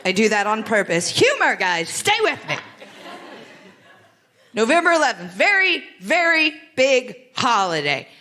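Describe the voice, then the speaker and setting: A woman in her late thirties from Ohio, performing a live stand-up set on a theatre stage with animated, exaggerated delivery. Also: on the high side, moderate pace, few pauses. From Greenville, Ohio, USA. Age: 30s. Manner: animated, exaggerated whiny impressions of friends. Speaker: stand-up comedian.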